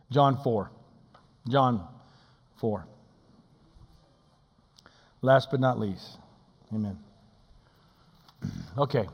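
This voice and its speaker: A male pastor preaching a sermon in a church. He swings between shouting and hushed, intimate tones and acts out quotes in playful voices. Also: a little high, in a large hall, dull audio.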